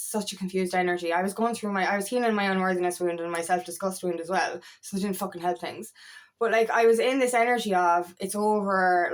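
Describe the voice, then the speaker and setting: Brief: woman, life coach type, blunt and emphatic, salty language, rambling casual delivery. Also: medium pitch. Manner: frank and emphatic, swears often, repeats "you know what I mean". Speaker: feminine empowerment coach. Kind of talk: casual spiritual talk to camera.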